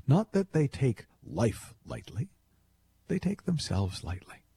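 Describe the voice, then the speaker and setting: A man hosting a call-in radio show, talking in a playful, animated storytelling way. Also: normal speed. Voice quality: deep gravelly voice. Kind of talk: conversational radio monologue.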